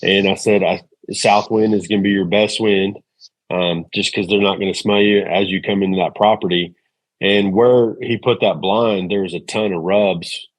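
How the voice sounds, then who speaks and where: A man, a guest on a podcast, explaining hunting strategy in relaxed casual chat. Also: low-pitched, moderate pace, dry recording, poor audio.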